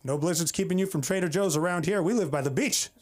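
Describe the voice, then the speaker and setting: A stand-up comic from the San Francisco Bay Area performs an open-mic set on a comedy club stage. His voice is high-pitched and quick, and his delivery is wry and exasperated.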